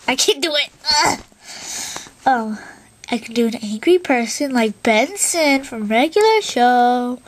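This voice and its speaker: A woman's voice: on the high side, normal speed. A woman rambling through a casual vlog, self-deprecating and fighting a bad cough. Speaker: video creator.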